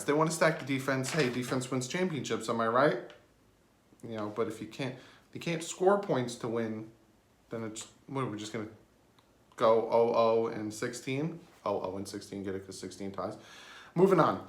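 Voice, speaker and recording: A man's voice: expressive, normal speed. Male sports vlogger, mid-range voice, wry joking delivery, reverberant room. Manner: joking, sarcastic asides with sudden pitch jumps. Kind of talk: casual fan commentary. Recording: roomy echo.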